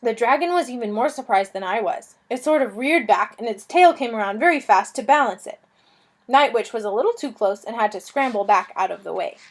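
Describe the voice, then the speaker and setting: A woman reading a children's fantasy novel aloud, telling it in a lively, expressive way. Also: on the high side, fairly quick. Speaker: reader.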